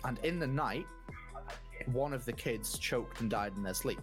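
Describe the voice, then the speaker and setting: A man's voice: medium pitch, over music. Stammering man telling a ghost story. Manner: halting, stammers and restarts. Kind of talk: casual storytelling chat.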